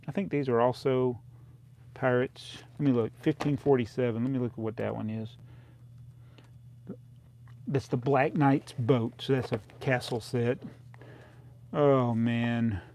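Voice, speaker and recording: A man's voice: medium pitch, a little mellow. A man hosting a casual live stream, rambling through his old sales, reading out prices, often laughing at himself. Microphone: close desk microphone.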